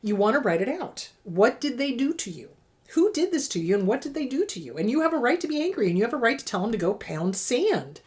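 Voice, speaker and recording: Middle-aged woman therapist talking to camera, emphatic, repeats herself, pitch all over. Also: very animated, quick pace, a little mellow. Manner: emphatic, repeats words for stress. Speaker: therapist and show host. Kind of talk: direct-to-camera advice talk.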